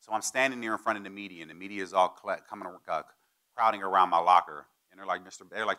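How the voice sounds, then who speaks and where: A man's voice: low-pitched, quick pace. A man in his forties giving a storytelling speech, acting out the people he quotes. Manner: animated, acts out quoted people. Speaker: guest speaker.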